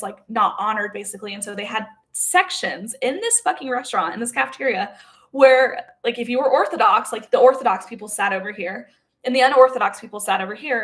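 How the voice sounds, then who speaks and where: A young woman speaks in a casual, unscripted monologue, her voice sitting a little high. She is blunt and swears freely, leaning hard on emphasis and checking in with her listener as she goes. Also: fairly bright tone. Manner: blunt and profane, emphatic with frequent "okay?" check-ins. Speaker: spiritual content creator.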